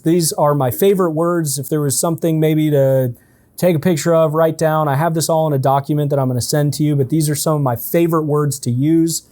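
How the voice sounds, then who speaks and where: Man, sales trainer, casual coaching, relaxed conversational manner, dark mellow tone. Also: a little high. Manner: relaxed and conversational, often checks in with "right?". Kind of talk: casual in-person coaching session.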